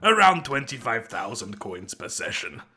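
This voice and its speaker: A burly, boastful barbarian trainer in a game, talking in a thick mock Russian accent, as a man puts him on. He is gruff and teasing, and his voice swoops high and low and rings bright and forceful. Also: sing-song, moderate pace, soft background music. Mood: jovial.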